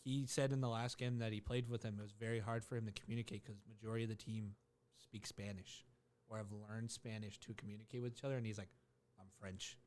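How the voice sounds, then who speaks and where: A man's voice: lowish voice, flat delivery, fast, darkish tone, a little hiss or hum. A man co-hosting a casual podcast chat, rambling along with lots of fillers and restarts. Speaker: podcast co-host.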